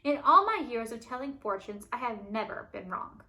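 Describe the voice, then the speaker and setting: A gentle, wise wandering minstrel from a storybook, voiced by a woman. He speaks softly and slowly, kind and measured, in a bright tone. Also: a little high, very animated, a little hiss or hum, exaggerated voice, rough recording. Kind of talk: storybook read-aloud.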